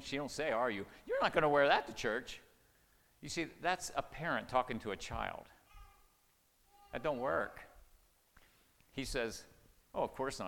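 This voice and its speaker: A man's voice: medium pitch, fairly bright tone. An older man giving a folksy, conversational sermon, chuckling and acting out quoted lines. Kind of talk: sermon on marriage communication. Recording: long hall reverb.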